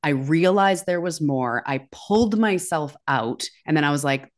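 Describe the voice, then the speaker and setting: A woman's voice: low voice, expressive, normal speed. A woman guest on a podcast, telling her personal story in a frank, confessional way and swearing freely.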